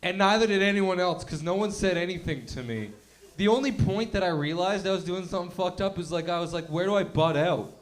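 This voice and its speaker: A man doing stand-up in a club, loose and halting, teasing the crowd between bits. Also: sits high. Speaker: guest comedian. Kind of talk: stand-up comedy. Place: comedy club stage.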